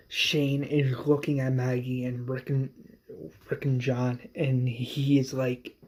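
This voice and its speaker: A man casually recapping an episode of a fan series, halting and repeating words as he goes. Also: medium pitch, monotone, darkish tone, slight background noise.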